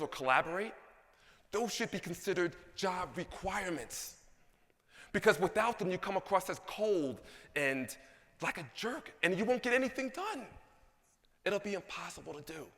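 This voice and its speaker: Man, keynote speaker, energetic, bright forceful tone, large hall reverb. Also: fairly high pitch. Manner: animated, asks the audience questions.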